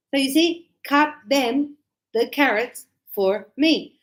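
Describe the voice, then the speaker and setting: A high-voiced, middle-aged woman teaches an English class in a lively, chatty way. She keeps breaking into short acted-out example dialogues to show her point. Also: moderate pace, rough recording. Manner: animated, acts out little example dialogues.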